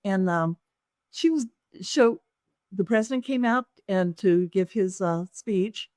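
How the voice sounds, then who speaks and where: A woman's voice: medium pitch, slow pace, darkish tone, dry recording, studio quality. A woman, an author and business owner, telling a personal story in an interview and acting out other people's lines as she goes.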